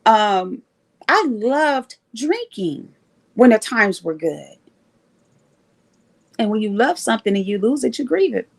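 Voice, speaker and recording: A woman hosting a casual live stream, telling a story in an animated, emphatic way. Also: medium pitch, moderate pace, gravelly, pauses often. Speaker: livestream host sharing recovery story.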